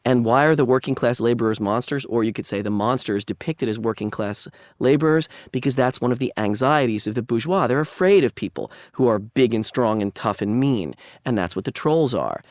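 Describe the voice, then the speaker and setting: A man's voice: medium pitch, a little fast, hardly any pauses, no echo, clean studio sound. A man lecturing on literature in a conversational, analytical way, with frequent asides. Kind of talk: academic lecture.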